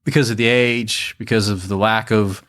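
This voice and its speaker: A male podcast co-host with a fairly low voice. He sounds laid-back and often answers in short, easygoing replies. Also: fairly even intonation, normal speed, a bit bright. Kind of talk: casual podcast chat.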